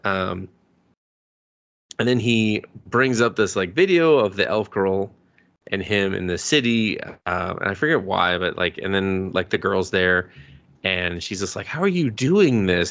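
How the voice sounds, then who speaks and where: A man casually recapping an anime episode on a podcast, excited and rambling, laughing often and swearing a lot. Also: sits low, unhurried, lo-fi sound. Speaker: podcast co-host.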